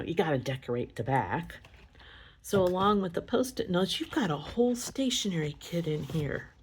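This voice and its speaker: A middle-aged woman talks through her handmade stationery and cards in a relaxed crafting tutorial recorded at home. She speaks at an unhurried pace, chatty and rambling, and often stops to correct herself. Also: lowish voice, a little hiss or hum. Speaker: craft demonstrator. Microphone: camera on a stand.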